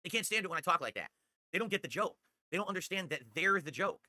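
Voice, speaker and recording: A man's voice: sits high, lively intonation, fast, pushed and bright, dry recording. A man hosting his livestream, talking into a desktop condenser mic at home and ranting in a brash, boastful way. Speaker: streamer host. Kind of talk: casual podcast-style livestream monologue.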